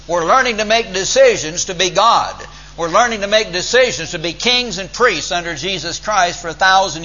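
A man's voice: on the high side, pushed and bright. An older man preaching a sermon, telling stories in a rambling way and then rising to emphatic points. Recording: dull lo-fi recording with faint hum.

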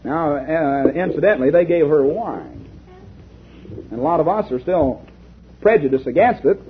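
A man's voice: fairly high pitch, expressive, moderate pace. A man preaching a sermon, reading a story aloud and asking the congregation rhetorical questions. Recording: lo-fi tinny recording.

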